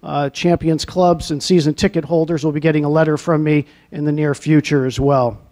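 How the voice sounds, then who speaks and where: A man's voice: a little high, flat delivery, a little fast, a little mellow. A middle-aged man from New England, newly named athletic director, giving an earnest press conference speech in an arena lobby and repeating words for emphasis. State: getting emotional at times.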